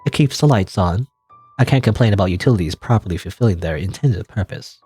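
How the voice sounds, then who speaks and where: A man's voice: on the low side, lively intonation, fairly quick, darkish tone, faint music behind, pitched below the performer's own voice, close to an everyday voice. A man voicing a bitter, reclusive old heiress woman in a video game, with a dry, sardonic grumble.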